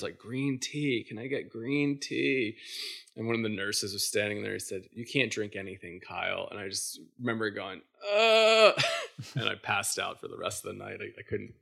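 Gravelly man telling a story, halting. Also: lowish voice, bright, forceful tone. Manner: halting, many fillers and restarts. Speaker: podcast guest. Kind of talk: casual storytelling.

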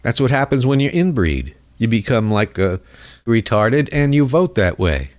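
A male host delivers a comedic political rant in a mocking, rambling manner, jumping into voices. His mid-range voice is sing-song and moves at normal speed.

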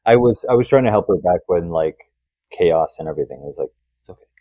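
A man in a tabletop game who talks casually, haltingly repeating his words. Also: deep voice, lively intonation, mellow, no room sound. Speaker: player. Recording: dull, dry close mic.

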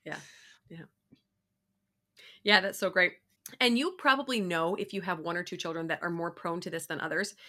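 A woman's voice: lowish voice, normal speed, long pauses, pushed and bright. A middle-aged woman co-hosting a podcast, chatting earnestly and laughing often. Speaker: podcast co-host. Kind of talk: casual chat.

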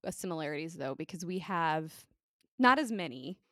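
A young American woman with a light Minnesotan accent, chatting casually as a podcast co-host with a nasal, vocal-fry tone and lots of asides. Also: low voice, expressive, moderate pace, fairly bright tone, no echo, studio quality. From United States. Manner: chatty, giggly, full of asides. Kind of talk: casual chat.

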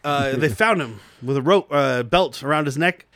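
A man's voice: on the high side, normal speed, a bit bright, dry recording, clean studio sound. A man hosting a casual movie-review podcast, laughing and acting out lines from the film. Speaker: podcast host.

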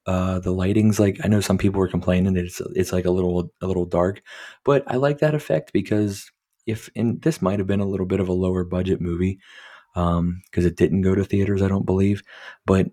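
Man, deep voice, dark mellow tone, casual movie review, rambling, swears, lots of fillers. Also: moderate pace. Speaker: movie review podcast host. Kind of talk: casual spoken film review.

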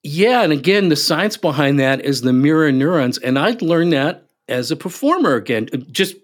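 An emphatic man guest in a relaxed podcast interview. His voice sits somewhat high for a man and he punches key words. He acts out the people in his stories as he talks. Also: normal speed. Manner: animated, emphatic, acts out quotes. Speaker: podcast guest, business speaker. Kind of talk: casual interview storytelling.

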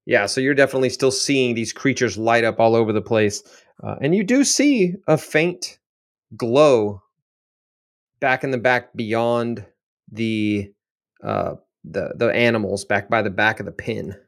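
A man's voice: mid-range voice, expressive, measured pace. A man running a tabletop game as game master, narrating the action in a loose, descriptive way.

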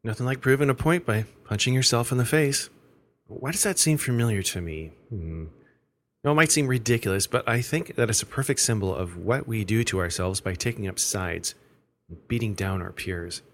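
Male host, mid-pitched, measured scripted narration. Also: a bit bright. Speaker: podcast host.

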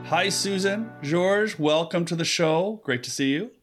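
Male podcast host, casual and upbeat, quick asides, slightly higher voice. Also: fairly bright tone, faint music behind.

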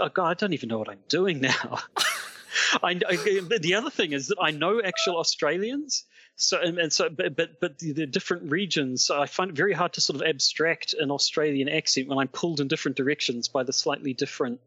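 A man's voice: a little high, fairly quick, pushed and bright, slightly rough, no room sound. A man with a New Zealand accent, co-hosting a comedic podcast in a rambling, self-interrupting, apologetic way. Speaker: podcast co-host. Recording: dull dry lo-fi podcast recording.

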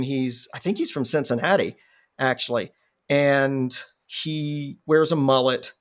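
A man hosting a podcast in casual chat, rambling and profane, restarting his words. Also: mid-range voice. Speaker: podcast host.

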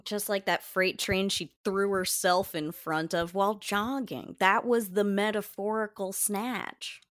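A woman's voice: mid-range voice, steady tone, unhurried, a bit bright, no echo, clean studio sound. A woman co-hosting a podcast in casual chat, wry and amused as she lays out her theories. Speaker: podcast co-host.

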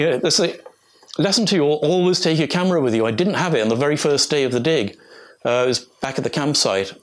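An older man from England delivers an illustrated talk, his voice sitting at an ordinary middle pitch. He rambles from one anecdote to the next, restarting sentences and chuckling as he goes. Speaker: archaeologist giving a talk.

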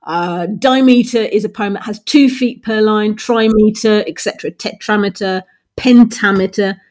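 A woman's voice: medium pitch, moderate pace, darkish tone. A woman, co-hosting a podcast and explaining poetry in a playful, teacherly way. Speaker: podcast co-host. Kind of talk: casual chat.

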